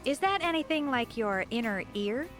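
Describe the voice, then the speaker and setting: A woman's voice: fairly high pitch, animated, moderate pace, a bit bright, faint music behind. A woman voicing a ditzy, cheerfully dim teenage girl in a video game, with a chirpy, sing-song delivery. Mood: airheaded.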